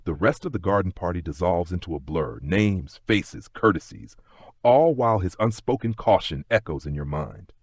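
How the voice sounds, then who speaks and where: Guy reading a sleep story, deep husky voice, gentle and slow-paced, dry close sound. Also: animated, no room sound. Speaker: narrator. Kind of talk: second-person sleep story narration.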